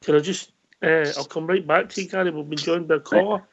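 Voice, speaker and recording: A man's voice: on the high side, fairly even intonation, fast. A Scottish man hosting a casual call-in show, matey and chatty with callers. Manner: matey, calls everyone mate. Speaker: host. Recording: dull lo-fi online audio.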